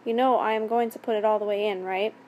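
A woman reading as a calm, domineering man. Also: mid-range voice, muffled recording, a little hiss or hum, natural voice. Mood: cold commanding. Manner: calm, measured, commanding. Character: calm, domineering adult man, cold and commanding.

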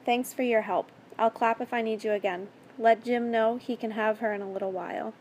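A woman's voice: a little high, brisk, slight background noise, natural voice. A woman reading a story aloud and voicing a mocking, menacing male captor with a sticky, falsely kind manner. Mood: offhand. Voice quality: sticky-sweet mock kindness. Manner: taunting, calm, controlling.

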